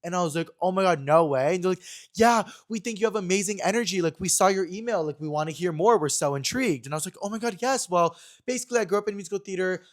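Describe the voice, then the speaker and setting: Fast-talking, animated young man podcaster. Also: high voice. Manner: chatty, fast, animated storytelling. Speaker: podcast host. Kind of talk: casual chat.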